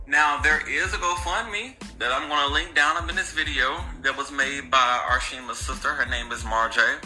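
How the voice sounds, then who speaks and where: A man's voice: mid-range voice, pushed and bright, low-quality recording. A man casually recounting a true crime story to his viewers, slangy and sarcastic in his asides.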